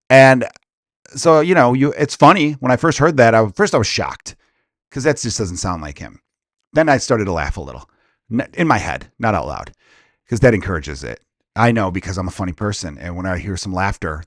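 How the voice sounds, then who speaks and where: A lower-voiced man in his thirties rants through a comic story, stopping to correct himself and wander off on tangents. He is close on a podcast mic in a very dry room with no reverb. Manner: rambling, self-interrupting storyteller. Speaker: stand-up comedian, podcast host. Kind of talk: casual comedic rant.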